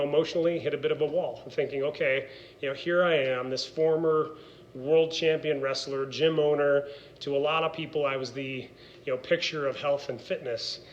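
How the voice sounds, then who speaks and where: A man's voice: a little high, lo-fi sound, a little hiss or hum. Earnest middle-aged man, rambling vlog talk. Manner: earnest, rambling, many fillers and restarts. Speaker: vlogger, former wrestler and gym owner. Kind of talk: candid personal vlog.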